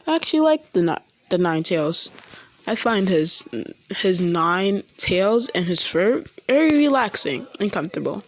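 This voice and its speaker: A woman voicing an eager young goddess girl, in an earnest tone a little higher than her narration. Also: sing-song, unhurried.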